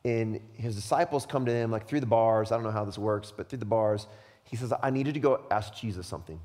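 A male pastor preaching a sermon, impassioned and tearful, swinging from hushed words to loud bursts. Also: lowish voice, a little fast. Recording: long hall reverb.

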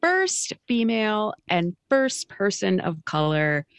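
A woman co-hosting a casual political chat show, wry and unhurried, often trailing off with fillers. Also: medium pitch, sing-song, clear, resonant tone, no room sound. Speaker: podcast co-host.

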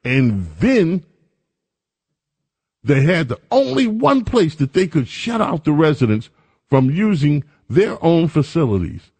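A man's voice: a little high, big pitch swings, slow, a little mellow, breathy edge. A man hosting an opinion show, speaking in a sarcastic, mocking and emphatic way. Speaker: commentary host. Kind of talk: opinion commentary.

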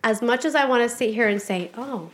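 A woman's voice: on the high side, quick pace. Blunt, frank woman podcast guest. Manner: blunt, frank, swears freely. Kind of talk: candid podcast interview.

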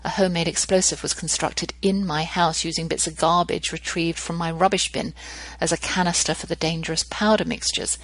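A woman's voice: low voice, dry recording, rough recording. A middle-aged woman, hosting a show and telling a family story with wry, dry humor. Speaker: podcast host. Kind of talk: storytelling monologue.

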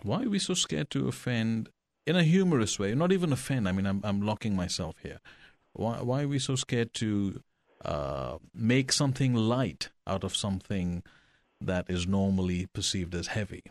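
A man hosting a talk show, asking questions and trading stories in a relaxed, conversational way. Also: lowish voice, moderate pace, dry recording. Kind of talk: casual interview chat.

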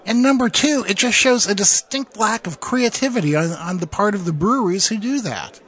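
Higher-voiced man, opinionated podcast talk. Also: normal speed, fairly bright tone, slightly rough. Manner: opinionated, stammering restarts. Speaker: podcast co-host. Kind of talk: casual chat.

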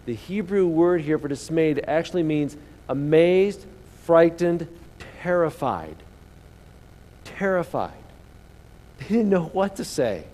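A male pastor preaches with a fairly high voice and animated, storytelling energy. He calls out to his congregation. His words ring through a church sanctuary that has a long echo. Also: takes it slowly. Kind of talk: sermon. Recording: long hall reverb.

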